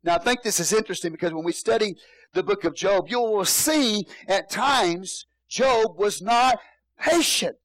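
A man's voice: sits high, expressive, normal speed, fairly bright tone, dry recording, rough recording. A male pastor preaching a sermon in a church, repeating phrases and calling out hallelujah.

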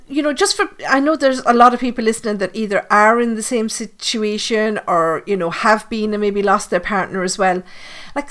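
A woman's voice: mid-range voice, a bit bright. A woman with an Irish accent hosting a podcast interview in a chatty, jokey way, often laughing. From Ireland. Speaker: podcast host. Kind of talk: casual interview chat.

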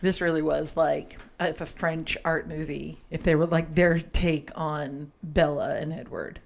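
A woman with a notably low voice co-hosts a relaxed film chat. She is animated, laughs easily and jumps in over her co-host. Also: a little slow, vocal fry, hardly any pauses. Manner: animated, laughs often, cuts in. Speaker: podcast co-host. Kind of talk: casual movie review chat.

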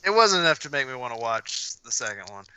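A man's voice: medium pitch, sing-song, quick pace, pushed and bright, clean tone, no room sound, rough recording. A man co-hosting a casual podcast who talks thoughtfully and hedges with fillers. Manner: thoughtful, hedging, many fillers. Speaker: podcast co-host.

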